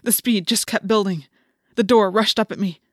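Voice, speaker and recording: A woman's voice: mid-range voice, steady tone, normal speed, no room sound, clean studio sound. A woman narrating an audiobook in the first person, telling the story with intense, dramatic delivery.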